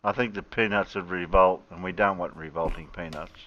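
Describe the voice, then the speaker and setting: A man's voice: low voice, fairly even intonation, fairly quick, highs cut off. An Australian man joking and teasing in a casual group chat over a video call. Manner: teasing, jokey.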